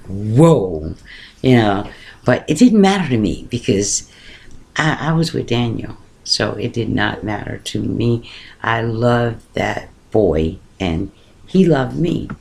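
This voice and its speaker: A woman's voice: a bass voice, creaky. A middle-aged woman casually telling a personal story on her vlog, often stopping to repeat words as she looks for them. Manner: halting, repeats words while searching for them. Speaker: vlogger.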